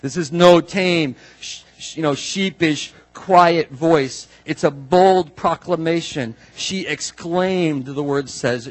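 A man preaching a casual, animated sermon, acting out the people in the story and swinging from quiet asides to loud exclamations. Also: a little high, takes it slowly, hardly any pauses, rough recording. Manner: animated, swings from soft asides to loud bursts, acts out quotes. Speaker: pastor.

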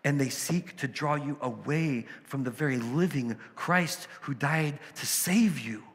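Gravelly-voiced man preaching a sermon. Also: on the high side, unhurried, a bit bright, big-room sound. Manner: conversational, storytelling, emphatic asides. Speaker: pastor.

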